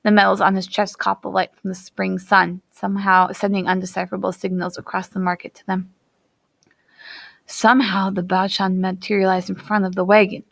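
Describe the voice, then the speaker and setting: A woman narrating a novel aloud in a steady, even reading style. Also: mid-range voice, a little fast, vocal fry, no room sound. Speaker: audiobook reader. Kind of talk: storybook narration.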